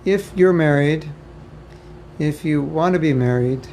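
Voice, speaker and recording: Recorded in low quality with slight background noise, an American man with a voice on the high side and a darkish tone speaks a little slowly. He's giving devotees an informal, conversational spiritual lecture with joking asides and plenty of repetition, set in a home or temple room with faint ambience.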